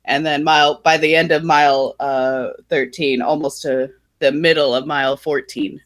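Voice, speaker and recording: A woman's voice: low voice, steady tone, normal speed. A woman co-hosting a podcast, chatty and self-mocking, telling a personal story with frequent laughs. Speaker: podcast co-host. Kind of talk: casual chat, storytelling.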